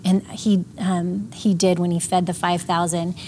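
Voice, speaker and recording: An older woman hosting a Bible study chat, earnest and slowing down for emphasis as she reads shares aloud. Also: on the low side, flat delivery, darkish tone. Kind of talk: casual group chat, reading shares aloud. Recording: faint background noise.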